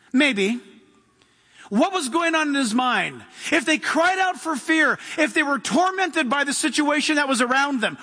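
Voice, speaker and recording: A man's voice: very high voice, sharp tone. A man preaching an impassioned sermon in a church, reading scripture and asking the congregation questions. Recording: long hall reverb.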